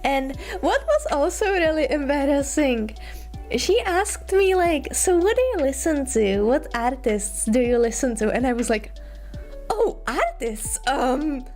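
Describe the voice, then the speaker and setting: A woman's voice: high voice, animated, normal speed, a little mellow, soft background music. A young woman streaming, chatting casually and shyly, retelling a story with lots of likes and ums and giggling often, while sick. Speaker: vtuber streamer.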